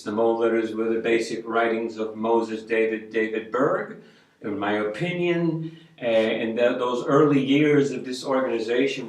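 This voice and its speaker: An older man, a street pastor, rambles through a personal story in loose hippie slang. His voice sits at an ordinary pitch and sounds roomy and slightly distant from the mic, as if recorded across an echoey room. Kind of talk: casual storytelling monologue.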